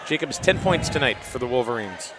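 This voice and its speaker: A man co-commentating a high school basketball game, calling plays and teasing his partner. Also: big pitch swings, a little fast, over music. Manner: teasing, laid-back play calls. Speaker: color commentator. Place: school gymnasium. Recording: crowd and gym noise.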